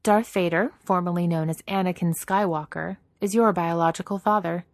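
A woman reading aloud, voicing a calm, matter-of-fact female alien warrior. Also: fairly low pitch, moderate pace, dry recording, lightly acted.

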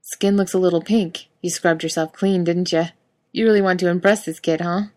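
A cocky, needling male buddy, as a woman reader puts him on in a fiction audiobook. He drawls and mocks in a slightly low voice. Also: fairly even intonation, moderate pace, a little mellow, natural voice.

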